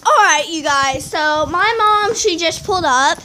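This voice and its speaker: A young woman, chatting excitedly to her phone camera outdoors in falling snow, full of "y'all" and "like". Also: very high-pitched, a little slow. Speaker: vlogger. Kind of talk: casual outdoor vlog. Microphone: handheld phone camera. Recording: noisy outdoor phone recording.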